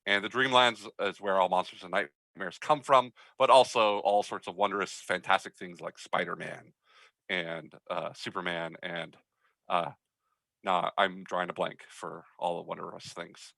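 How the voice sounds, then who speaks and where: Bright-voiced game master, halting speech. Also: male voice, sits low, fairly even intonation, creaky, no echo, poor audio. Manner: halting, many fillers, friendly. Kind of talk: running an online tabletop game.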